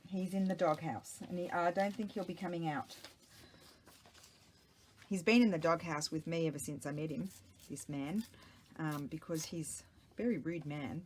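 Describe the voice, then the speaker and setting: Woman, middle-aged, low voice, rambling craft chat, faint background hiss. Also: normal speed, a little mellow. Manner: chatty, rambling, talks to herself while working. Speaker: craft vlogger. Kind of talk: casual chat while crafting. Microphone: small microphone.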